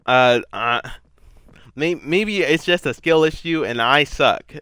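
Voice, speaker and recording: A man's voice: a little high, slow, pushed and bright, clean tone, dry recording. A young man giving casual, rambling gameplay commentary, self-deprecating and given to sudden frustrated outbursts. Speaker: gaming YouTuber.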